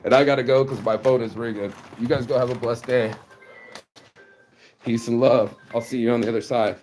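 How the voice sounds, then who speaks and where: A man giving a casual, animated motivational talk, preachy and peppered with swearing. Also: mid-range voice, brisk, a little hiss or hum. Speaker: motivational vlogger.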